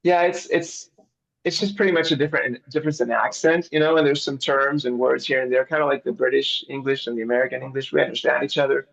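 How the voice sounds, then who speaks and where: A man's voice: medium pitch, steady tone, fast talker, creaky, a bit bright, highs cut off. A middle-aged man, a missionary director, chatting easygoingly in an interview over a video call. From grew up abroad as a missionary kid. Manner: easygoing, chuckles often.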